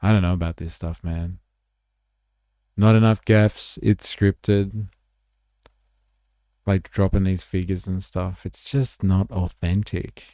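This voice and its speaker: A man's voice: sits low, fairly even intonation, slow, pauses often, mellow, no room sound, clean studio sound. A man hosting a livestream, giving casual, sardonic commentary on clips and reading chat aloud. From Australia. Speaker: livestream host.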